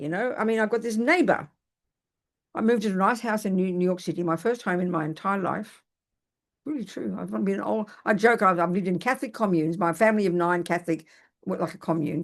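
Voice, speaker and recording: Older woman telling stories in a dharma talk. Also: on the low side. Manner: lively storytelling, self-mocking humor, frequent restarts. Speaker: Buddhist teacher. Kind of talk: dharma talk with personal anecdote.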